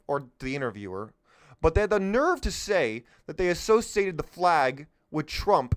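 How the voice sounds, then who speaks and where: A man's voice: a little high, a bit bright, clear, resonant tone. A man hosting a political show, talking off the cuff in an emphatic way, firing rhetorical questions at listeners and sometimes losing his train of thought. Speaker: political podcast host. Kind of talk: unscripted political monologue.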